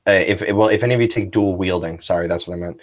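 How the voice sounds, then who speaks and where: A man's voice: low-pitched, quick pace. A man narrating as game master of a tabletop role-playing game, rambling and descriptive. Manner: rambling, full of fillers and restarts.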